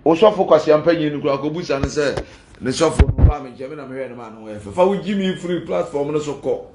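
A man's voice: on the high side, fast talker, echoey room, heavy background noise. A man with a Ghanaian accent, a pastor giving a heated, defiant rant and switching between Twi and Pidgin English.

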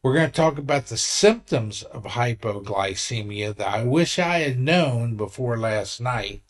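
Slow-talking man in his sixties. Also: medium pitch, expressive. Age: 60s. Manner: earnest, rambling storytelling with restarts. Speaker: vlogger. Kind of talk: casual vlog talk.

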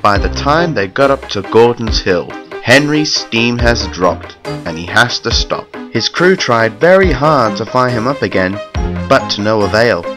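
A man narrating a fan-made railway story in a plain, steady reading voice. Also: mid-range voice, a little slow, over music.

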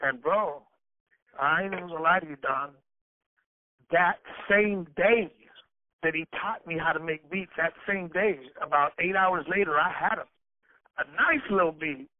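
High-voiced man telling a profane story. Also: a little slow, dry recording. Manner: loose, profane storytelling with stammered restarts. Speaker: rapper being interviewed. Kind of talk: casual storytelling interview. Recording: dry, tinny phone-like sound.

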